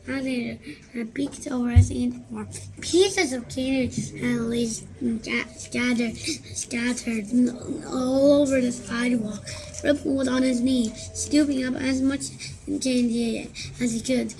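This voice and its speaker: Slow, halting woman reading aloud. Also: fairly high pitch, steady tone, darkish tone, poor audio. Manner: halting, many restarts and repeats. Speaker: reader. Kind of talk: reading a children's book aloud.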